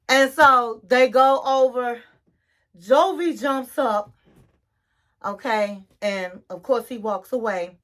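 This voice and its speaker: A woman giving a gossipy, animated recap of a reality TV episode. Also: on the high side, takes it slowly. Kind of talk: casual recap commentary.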